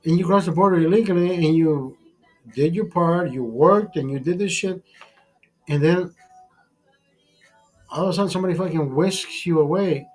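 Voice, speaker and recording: A man's voice: on the high side, moderate pace, long pauses, a little mellow, faint music behind, low-quality recording. A man hosting a casual drinking livestream, tipsy, talking in a rambling, profane way and restarting his words. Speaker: livestream host.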